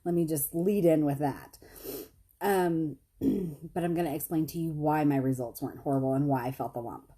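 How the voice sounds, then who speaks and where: A chatty woman talks straight to her viewers. She laughs at herself as she tells a story. Her voice is low, dark and a little husky. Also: moderate pace. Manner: chatty, self-deprecating, laughs often, quotes others in high voices. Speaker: vlogger.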